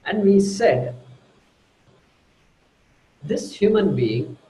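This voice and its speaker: Slow-speaking teacher, echoey. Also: male voice, high voice, lively intonation, mellow. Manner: slow, deliberate, teaches through quoted examples. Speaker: Vedanta teacher. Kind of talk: spiritual lecture.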